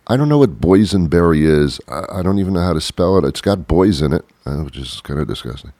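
A man with a very low, deep voice talks through a wry, rambling comic monologue, slipping into little acted-out exchanges between made-up characters. The sound is dry and close, with no room around it. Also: animated, fast talker, hardly any pauses, mellow, no room sound. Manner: wry, rambling, acts out both sides of imagined dialogues. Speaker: radio show host.

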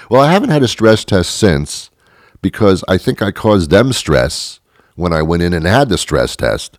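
A man's voice: fairly low pitch, measured pace, long pauses, dry recording, studio quality. A man telling a rambling, exaggerated comic story about himself, acting out the lines of the people in it. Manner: rambling, exaggerated, animated retelling with acted quotes.

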